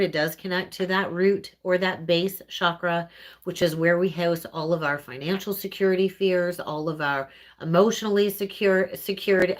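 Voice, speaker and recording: Canadian lady doing a live tarot reading, lowish voice, chatty and earnest. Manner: earnest, conversational, often tags lines with "right?". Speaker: tarot reader.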